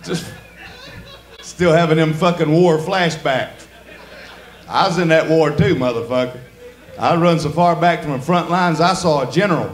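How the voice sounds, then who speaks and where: A man's voice: on the high side, normal speed, long pauses, roomy sound. Crude drawling stand-up man. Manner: crude, drawling storyteller acting out voices. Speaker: stand-up comedian. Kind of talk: stand-up comedy set. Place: comedy club stage before a laughing audience.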